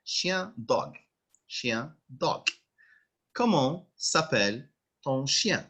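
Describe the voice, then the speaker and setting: A man's voice: medium pitch, animated, drawn-out words, fairly bright tone, slightly rough. A male French teacher giving an online language lesson over a video call, patiently repeating phrases.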